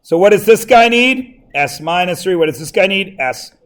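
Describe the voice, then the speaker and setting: A man's voice: high voice, animated, moderate pace, a bit bright. A man teaching a math class, chatting and teasing his students between explanations in a classroom. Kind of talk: classroom lecture.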